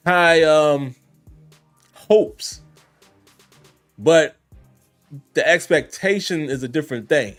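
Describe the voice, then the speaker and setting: A man hosting a sports fan podcast, talking casually and directly to his listeners. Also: a little high. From Richmond. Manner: conversational, addresses listeners directly. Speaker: podcast host.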